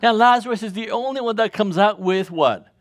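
Animated male preacher, lively pitch. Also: moderate pace. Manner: call-and-response questions to congregation, chuckles often; reads scripture aloud, rises in pitch when animated. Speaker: pastor. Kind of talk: sermon.

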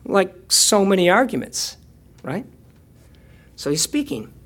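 A man's voice: high voice, measured pace. A chatty, self-joking male preacher. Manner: conversational and self-deprecating, with playful asides and laughter; shifts between quiet reflection and lively storytelling. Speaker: pastor. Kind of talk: sermon.

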